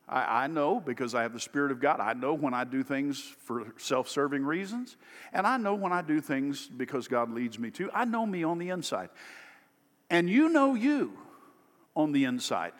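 A man preaching a sermon, delivering it emphatically and rising louder on key phrases. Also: on the high side, sing-song, normal speed, big-room sound. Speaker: pastor.

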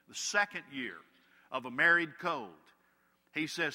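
Unhurried and expressive, a man with a fairly high, bright and forceful voice delivers a sermon as a pastor, weaving in funny stories to drive his message home. Long hall reverb surrounds the recording.

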